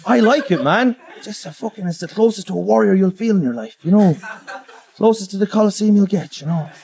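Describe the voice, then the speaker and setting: A young man doing crude stand-up on stage, laughing as he swings between high yelps and low mutters. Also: expressive, brisk, creaky. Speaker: stand-up comedian. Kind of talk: live stand-up set. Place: comedy club stage. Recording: live club with loud crowd laughter.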